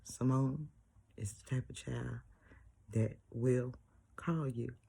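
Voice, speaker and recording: Older woman, grandmother, gravelly dark voice, breathy asides, preachy repetition. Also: very deep voice, steady tone, slow pace. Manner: often drops to a breathy near-whisper; preachy, repeats phrases for emphasis. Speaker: vlogger. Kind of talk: casual personal monologue.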